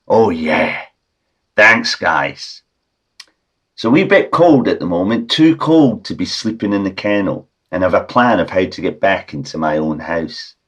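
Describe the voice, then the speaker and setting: A Scottish man hosting a comedy podcast with a deadpan, rambling absurdist monologue. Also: sits low, unhurried. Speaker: podcast host.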